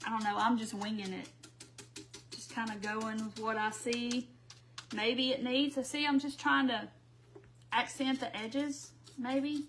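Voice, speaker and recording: A woman's voice: a little high, steady tone, measured pace, fairly bright tone, faint music behind. A woman, hosting a casual craft livestream from home, chatting and laughing with her viewers while she paints. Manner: chatty, laughs often, talks to viewers as y'all.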